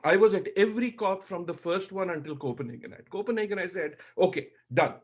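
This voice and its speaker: A man's voice: high voice, brisk. A middle-aged man giving impassioned panel remarks, emotional and emphatic, hammering points through repetition.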